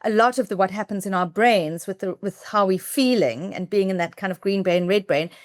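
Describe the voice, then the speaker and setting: A woman host on a podcast interview, with a medium-pitched voice recorded dry and close. She reacts eagerly and thinks aloud, building on her guest's points. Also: a little fast, dry recording. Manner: enthusiastic, reflective, talks through her own thoughts.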